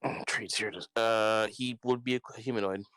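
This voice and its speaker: A man with a smooth, clear, fairly low voice hesitates as he checks rules aloud during a tabletop game. The sound is dry and close. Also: steady tone, normal speed, fairly bright tone, no room sound, poor audio. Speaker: player. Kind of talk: casual tabletop game chat.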